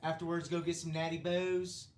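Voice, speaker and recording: A man's voice: on the high side, level tone, normal speed, reverberant, a little hiss or hum. A man with a Baltimore accent, joking along as co-host on a live card break. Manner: playful, jokey asides.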